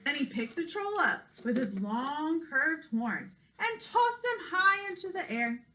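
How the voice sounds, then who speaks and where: Bright, expressive woman reading aloud. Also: high-pitched, a little slow, a little hiss or hum, rough recording. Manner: expressive, sing-song storytelling. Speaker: preschool teacher. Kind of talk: children's read-aloud narration.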